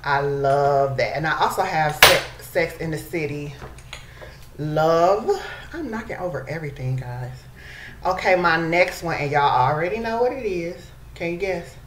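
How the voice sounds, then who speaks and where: This woman has a deep, fairly bright voice and speaks a little slowly but with animation, chatting casually to camera as a beauty vlogger who calls her audience y'all. The recording sounds echoey, with faint noise behind her.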